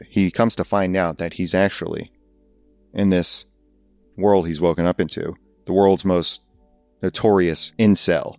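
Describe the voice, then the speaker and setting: A man's voice: sits low, clear, resonant tone, dry recording. A man hosting a podcast, rambling through a comedic monologue and laughing at his own jokes. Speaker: podcast host.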